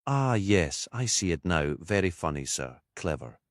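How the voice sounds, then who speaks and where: A man's voice: low-pitched, very animated, measured pace, no room sound, studio quality. A man voicing a scarred, weary male detective who speaks tersely and wryly, in an audiobook. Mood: irritated. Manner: terse, wry. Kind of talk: audiobook character voice.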